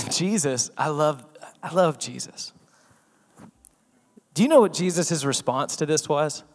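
Higher-voiced preacher in a reverberant church. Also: male voice, expressive, slow pace. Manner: swings between loud emphasis and hushed asides, rhetorical questions. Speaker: pastor. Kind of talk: sermon. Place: church sanctuary. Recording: long reverb of a church hall.

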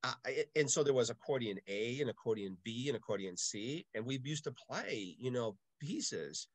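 A man's voice: mid-range voice, normal speed, no echo. An older man from Milwaukee, a parish music director, recalls his past in an easy, chatty way. He breaks into voices as he tells his stories, and the recording is dry and close. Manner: animated storyteller, acts out voices in anecdotes. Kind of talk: casual interview storytelling.

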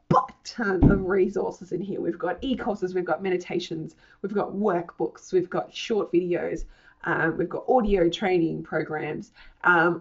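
A bubbly woman talks through a casual promotional walkthrough, her voice husky and hoarse from a chest infection, with a gravelly fry and a breathy edge. She is effusive and swears playfully. The audio is slightly dull and lo-fi. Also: lowish voice, a little mellow. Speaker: founder presenting her online academy.

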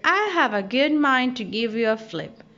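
A woman's voice: a little high, lively intonation, moderate pace, bright, forceful tone. A woman voicing a cautious, sensible male sea turtle in a storybook reading. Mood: earnest. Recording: dull lo-fi audio.

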